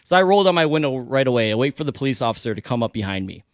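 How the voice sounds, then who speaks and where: A man co-hosting a radio show, telling a story with lively quotes of himself and others. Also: racing, no room sound. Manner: animated storyteller, acts out quotes with big pitch jumps. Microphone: studio microphone.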